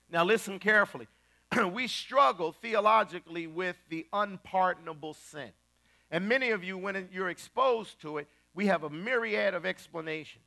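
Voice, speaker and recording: A man preaching a sermon in a colloquial, emphatic style, rising to loud repeated lines. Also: sits high, normal speed, gravelly. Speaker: pastor.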